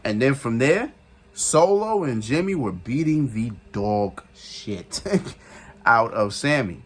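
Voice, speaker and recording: A man giving a casual, excitable recap of a wrestling event, repeating phrases for emphasis and laughing often. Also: medium pitch, takes it slowly. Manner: excitable, retells with shouted quotes and sound effects. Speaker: wrestling reviewer.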